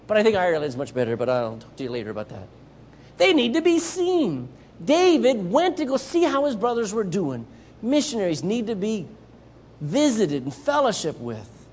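A man with a Southern US accent preaching a sermon as a missionary, acting out Bible characters as he goes. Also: very high-pitched. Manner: animated, acts out Bible characters.

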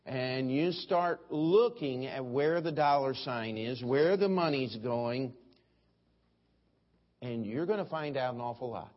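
A man's voice: medium pitch, takes it slowly. Folksy preacher man, muffled recording. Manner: folksy storytelling preacher, mimics others in quotes. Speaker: pastor. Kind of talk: sermon. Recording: dull lo-fi sermon recording.

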